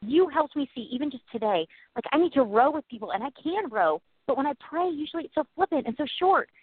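A woman's voice: high voice, lively intonation, fast talker, dry recording. A woman co-hosting a casual faith talk show, speaking earnestly and encouragingly, laughing often. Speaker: podcast co-host. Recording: tinny phone-like, dry.

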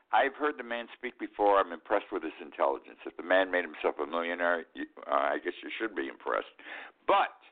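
Elderly male host in his eighties, low voice with lively swings, rambling and indignant, heard over a phone-thin line. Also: phone-quality sound. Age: 80s. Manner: rambling, indignant, repeats himself. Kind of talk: opinionated political commentary.

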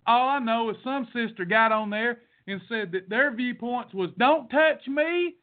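A high-voiced man delivers a blunt, folksy pep talk with the cadence of a sermon, hammering each point twice. His voice comes through thin and tinny, like a phone line, and he pushes hard at his audience. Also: fairly even intonation, normal speed. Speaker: podcast host. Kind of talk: preachy motivational monologue.

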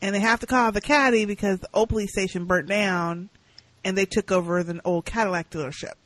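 Woman podcast co-host, lively recap voice that acts out each character's lines, dry studio-close sound. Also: mid-range voice, fairly quick, dry recording, rough recording. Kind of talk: casual recap chat.

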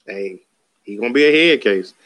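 A man's voice: on the low side, normal speed. A man co-hosting a casual basketball podcast, talking loosely with lots of "you know" fillers. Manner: relaxed, filler-heavy talk with frequent "you know". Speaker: podcast co-host.

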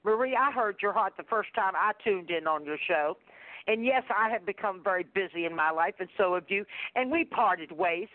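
A woman's voice: mid-range voice, animated, moderate pace, dry recording. Soothing preachy woman on a phone line. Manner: soothing, preachy, calls people darling. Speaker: caller and fellow radio host. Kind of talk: comforting call-in talk. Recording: tinny phone line, dry.

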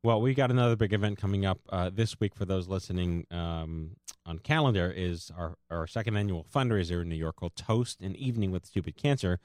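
A man hosting a casual podcast chat, rambling and halting with many fillers. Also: low voice, a little mellow, no room sound, studio quality. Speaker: podcast host, co-founder of the organization.

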